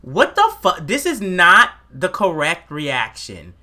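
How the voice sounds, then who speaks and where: Man, podcast co-host, high and very bright tone, loose profane rants. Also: takes it slowly. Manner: animated, profane ranting with acted-out quotes. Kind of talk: casual chat, anime review.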